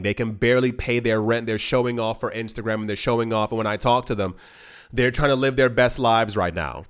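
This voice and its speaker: Talking straight into the camera, a crypto investing host with a mid-range, somewhat bright voice gives a casual monologue. He pushes his points emphatically, nearly begging, and often starts over mid-ramble.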